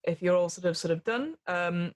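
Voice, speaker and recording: A woman's voice: lowish voice, moderate pace. A woman running a tabletop horror game as game master, narrating scenes in a rambling way full of fillers and laughter.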